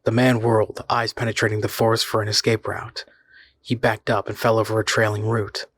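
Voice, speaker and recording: A man reading a horror story aloud in a measured, suspenseful way. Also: lowish voice, flat delivery, a bit bright. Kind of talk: scripted horror story narration.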